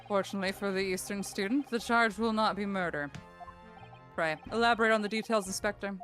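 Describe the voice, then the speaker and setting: A woman's voice: medium pitch, brisk, a bit bright, faint music behind, natural voice. Woman reading as a stern courtroom prosecutor, stiff old-fashioned diction, game dialogue read aloud. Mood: formal.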